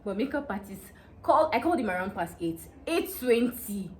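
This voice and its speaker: This is a young woman with a Nigerian accent, recounting a personal story for her vlog audience. She speaks at a rapid clip in a mid-range voice, animated and excitable. A faint hum of room ambience sits under her voice. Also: mid-range voice. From Nigeria, Delta State. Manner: animated and excitable, breaks into laughter. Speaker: vlogger. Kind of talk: casual storytelling gist.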